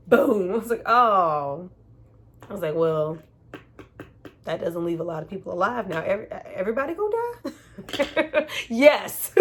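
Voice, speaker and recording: A woman casually reviewing a movie, slangy and frank, laughing often and acting out characters' lines in voices. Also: on the high side. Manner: animated, acts out characters' lines in funny voices.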